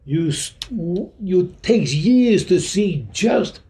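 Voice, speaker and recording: Male teacher, dark mellow tone, blunt slangy delivery, pitched a bit high. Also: animated, takes it slowly. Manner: blunt streetwise slang, acts out dialogues. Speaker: spiritual teacher. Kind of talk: informal teaching talk to a group. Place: meeting room.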